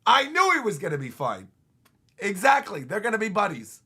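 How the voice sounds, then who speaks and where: A man streaming a comic reaction live, excitable and emphatic, who often repeats himself. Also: high-pitched, moderate pace, breathy edge.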